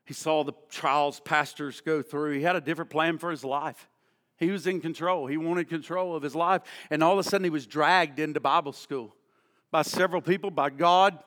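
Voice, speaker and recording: A man preaching a sermon, telling a story that builds from quiet, low-voiced passages to impassioned, near-shouted ones. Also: steady tone, normal speed, in a large hall. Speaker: pastor.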